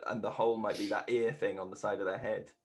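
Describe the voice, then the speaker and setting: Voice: sits low, flat delivery, quick pace. A podcast guest in casual chat, thoughtful and wry.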